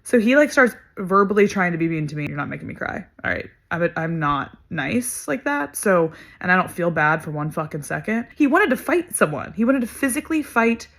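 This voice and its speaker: Young woman vlogger, slightly low voice, emphatic storyteller who swears and says "like" a lot. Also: expressive, a little fast, vocal fry, hardly any pauses, fairly bright tone. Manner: emphatic, swears freely, lots of fillers. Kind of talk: casual storytelling to camera.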